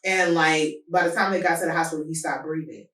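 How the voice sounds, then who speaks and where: A woman hosting an advice podcast, talking casually and telling personal stories with lively swings in her voice. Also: a little fast. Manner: animated, voice jumps high when telling a story. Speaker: podcast host. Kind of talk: personal advice talk with storytelling. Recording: roomy sound from a distance from the mic.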